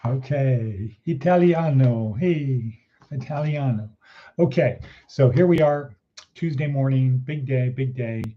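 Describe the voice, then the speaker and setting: A man's voice: mid-range voice, measured pace, dull audio. A man hosting his daily morning podcast in a rambling, casual way, repeating phrases for emphasis. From Nevada. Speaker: podcast host.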